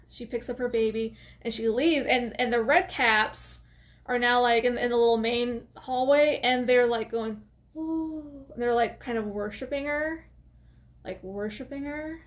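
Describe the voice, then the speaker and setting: Woman vlogger, slightly high voice, casual film-review chat with lots of "like" and "um". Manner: animated retelling with many fillers and restarts; chatty, laughs while telling.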